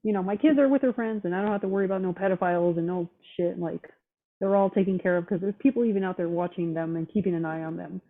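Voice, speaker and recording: A woman's voice: on the low side, fairly even intonation, fast talker. A woman in casual chat, talking bluntly and with heavy profanity, fired up and determined. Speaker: roundtable guest. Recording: tinny phone-line audio.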